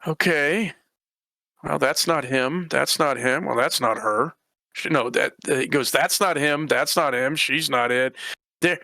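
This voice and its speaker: A man's voice: medium pitch, a little slow, creaky, bright, forceful tone, dry recording. A man running a tabletop game as game master, narrating in a rambling way and voicing characters.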